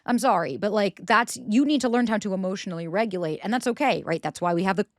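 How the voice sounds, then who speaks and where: A woman's voice: mid-range voice, quick pace, dry recording, studio quality. A woman hosting a podcast, giving candid relationship advice in a blunt, emphatic way, with frequent swearing, and acting out the voices she quotes. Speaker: podcast host.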